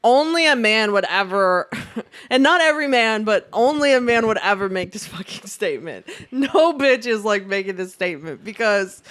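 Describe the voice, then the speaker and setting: A woman's voice: mid-range voice, animated, moderate pace, fairly bright tone. A woman co-hosting a casual podcast, with a voice in the middle of the usual range. She talks bluntly and profanely, laughing often as she argues her point. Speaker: podcast co-host. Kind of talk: casual chat.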